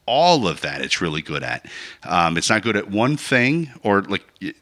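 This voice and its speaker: Deep, bright-toned man thinking aloud. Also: sing-song, normal speed. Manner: rambling, reasoning aloud with many "like" and "right?". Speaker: podcast co-host. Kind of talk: casual chat.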